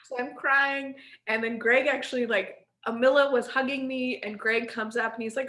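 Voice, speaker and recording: Woman, 30s, slightly high bright voice, rambling storyteller, echoey room. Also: normal speed. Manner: rambling, animated, laughs often. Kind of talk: casual storytelling chat.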